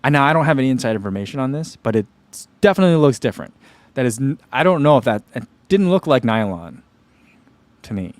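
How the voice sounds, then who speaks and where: A man who hosts a running channel chats casually on a livestream, answering viewer comments and rambling with lots of "like" and "you know." His mid-range voice is sing-song and quick, with no echo.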